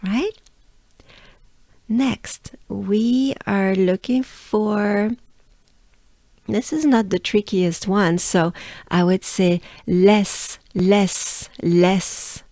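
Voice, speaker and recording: A woman's voice: mid-range voice, extremely slow, pauses often, darkish tone, no echo. A woman from France with a French accent, teaching pronunciation patiently and repeating sounds for practice. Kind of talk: friendly pronunciation lesson.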